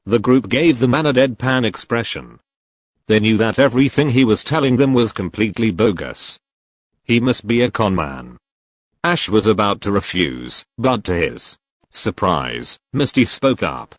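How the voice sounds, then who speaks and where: Male narrator reading fan fiction, lively, low voice, dry close mic. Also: normal speed, no room sound.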